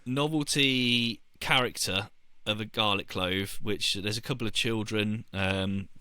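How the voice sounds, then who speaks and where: A man's voice: fairly low pitch, unhurried, sharp tone, clean tone, no echo. A British man co-hosting a casual podcast, playful and enthusiastic with jokey asides. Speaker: podcast co-host. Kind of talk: casual chat.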